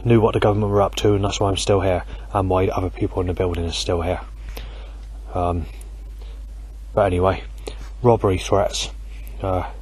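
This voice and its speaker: A man's voice: lowish voice, darkish tone, breathy edge. A man rambling furiously outdoors at night, swearing constantly into a handheld audio recorder. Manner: furious, profane, rambling rant. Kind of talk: angry rambling monologue. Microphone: handheld digital audio recorder.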